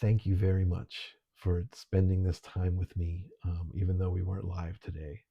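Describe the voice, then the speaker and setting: A middle-aged man teaching an online literature lesson, relaxed and conversational, with frequent ums. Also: sits low, normal speed, highs cut off.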